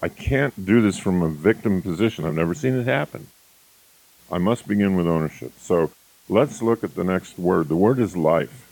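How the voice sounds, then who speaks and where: Lively low-voiced male motivational speaker. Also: moderate pace, no echo, low-quality recording. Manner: acts out quoted phrases in contrasting tones. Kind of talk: motivational lecture.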